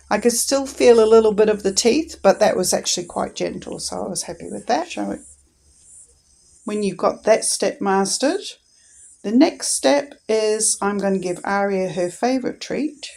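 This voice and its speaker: A woman in a casual instructional vlog, talking calmly and patiently and encouraging her dog as she trains it. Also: medium pitch, creaky, poor audio.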